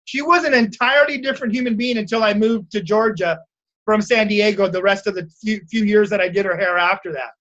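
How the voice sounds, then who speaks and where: A man's voice: high-pitched, a little fast, a bit bright, highs cut off. A man leading a group coaching call over video, telling stories and checking in with his listeners for agreement. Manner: storytelling, asks the group for agreement. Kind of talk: casual group coaching talk.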